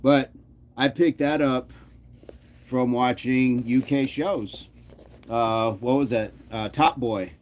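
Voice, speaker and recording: A man's voice: mid-range voice, takes it slowly. A man hosting a fitness channel, chatting casually with his live chat, joking often and laughing. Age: adult.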